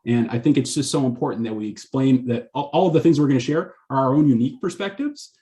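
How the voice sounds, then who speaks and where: Fast-talking earnest man on a panel. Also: medium pitch. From Canada. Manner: earnest, animated storytelling. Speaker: physician and panelist. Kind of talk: panel discussion.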